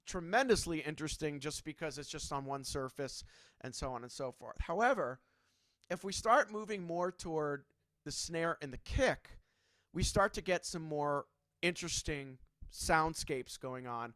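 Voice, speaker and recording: A man's voice: on the high side, fairly bright tone, no echo. A man teaching a drum clinic in a casual, chatty way, checking in often with his students. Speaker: drum instructor.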